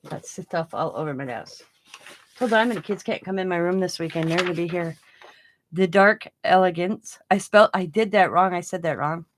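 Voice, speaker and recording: A woman's voice: fairly low pitch, normal speed, low-quality recording. A woman hosting a casual crafting livestream from her home craft room, chatting in a rambling way and laughing often. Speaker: craft channel host.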